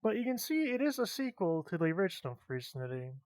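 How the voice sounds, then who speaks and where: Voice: medium pitch, very animated, fast talker, darkish tone, no echo. A narrator explaining fan lore in a casual, offhand way.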